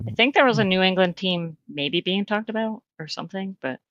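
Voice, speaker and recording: A woman's voice: mid-range voice, a little fast, no room sound, lo-fi sound. A woman guest on a podcast in casual chat, hedging and thoughtful, with many fillers.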